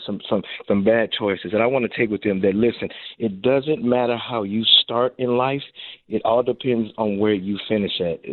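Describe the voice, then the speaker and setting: A man's voice: lowish voice, no room sound. A middle-aged former football receiver and coach, calling in to a radio interview. He tells his stories with energy and acts out the things he said to people. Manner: animated storyteller, acts out his own quotes. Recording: tinny phone line.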